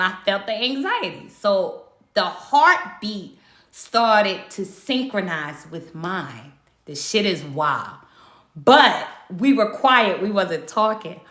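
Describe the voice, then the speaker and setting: Animated woman telling a spiritual story. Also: mid-range voice. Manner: animated storytelling, emphatic, swears freely. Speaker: spiritual livestreamer. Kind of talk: casual livestream chat. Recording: echoey room.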